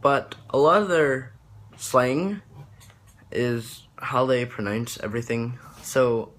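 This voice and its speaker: Slow, rambling young man with faint hiss. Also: mid-range voice, a bit bright. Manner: rambling, hesitant, many ums and restarts. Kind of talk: casual accent tutorial vlog.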